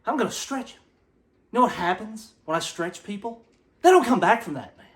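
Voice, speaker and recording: A man plays a grudge-holding wrestling coach in a comedy sketch. He talks high and rambles through half-finished threats, stalling on fillers before he works himself up. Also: lively intonation, brisk, a bit bright. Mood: menacing.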